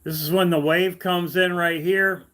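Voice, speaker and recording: A man hosting a casual online livestream, greeting viewers by name and talking slowly with many fillers and repeated phrases. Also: high-pitched, steady tone, a bit bright. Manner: slow, halting, repeats himself with fillers. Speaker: online video host.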